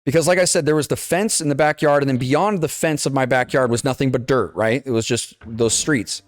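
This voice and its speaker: A young man co-hosting a podcast recounts a childhood story in a casual, animated way, swearing freely and performing the quoted dialogue. He talks a little fast at medium pitch, recorded dry and in studio quality.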